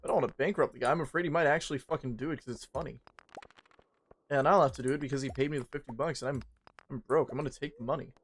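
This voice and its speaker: A man's voice: mid-range voice, rapid-fire, slight background noise. A man chatting casually on a livestream, swearing a lot and rambling in a joking way. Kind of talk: casual stream chat.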